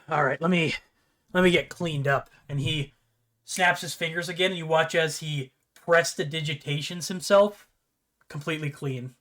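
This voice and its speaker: A man running a tabletop game, narrating in a relaxed, rambling way. His voice sits slightly high. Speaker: game master.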